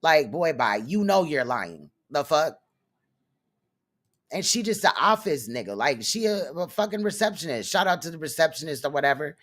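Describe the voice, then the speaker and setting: A man's voice: a little high, very animated, normal speed, fairly bright tone. A man hosting a casual commentary stream, talking bluntly and profanely with a rambling flow. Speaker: host.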